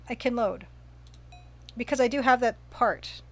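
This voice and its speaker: A woman's voice: fairly high pitch, measured pace. A woman casually commenting while streaming a retro game, chatting, reading viewer comments aloud and gushing over the pixel art.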